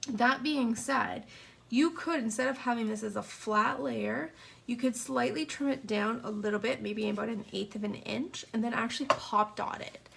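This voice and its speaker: Sniffling and hiccupping, a papercraft instructor runs a live card-making class, chatting to viewers as her hands stay busy. Her voice sits on the high side with vocal fry at a moderate pace, and a faint hiss or hum is audible.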